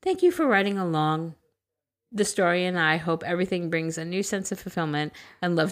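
A woman with a low-pitched voice reads a listener's story aloud on a casual podcast. She keeps it loose and animated, tossing in crude jokes and laughing as she goes. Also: a little fast. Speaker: podcast co-host reading listener stories.

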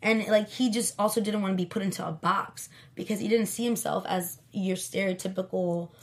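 A woman in her thirties, a guest in a casual interview, telling a personal story in a chatty way and acting out the quoted lines in high, lively bursts. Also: a little fast.

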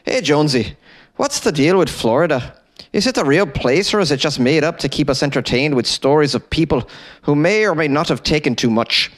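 A man's voice: a little high, voice pushed up, lightly acted. A man putting on an Irish accent to voice a cheerful male fan reading out his note.

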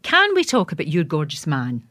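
A woman's voice: deep voice, huge pitch swings, moderate pace, fairly bright tone, dry recording, clean studio sound. A woman hosting an interview, asking chatty, curious questions. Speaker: podcast host. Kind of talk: casual interview chat.

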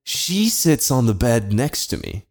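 A man with a mid-range voice speaks unhurriedly over a loud crowd. He co-hosts a podcast and tells a story casually. He's animated and profane, swearing a lot and laughing as he goes.

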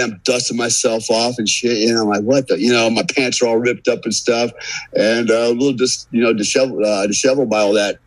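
A man's voice: mid-range voice, no room sound, rough recording. Dry-voiced American man telling war stories. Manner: profane, animated anecdote teller acting out quotes. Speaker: guest. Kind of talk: storytelling in casual podcast chat.

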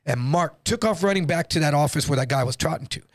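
A man telling a story in a loose, profane, casual way, jumping into higher voices when quoting people. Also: quick pace, no echo, clean studio sound. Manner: animated, acts out quotes in higher voice. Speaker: guest storyteller.

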